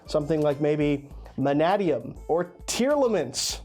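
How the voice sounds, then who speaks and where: Sick, congested male host, slightly higher voice, sarcastic delivery, faint music underneath. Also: normal speed, dark tone. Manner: sarcastic, dry jokes. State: congested from illness. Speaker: host of a card game news show. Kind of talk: scripted news commentary.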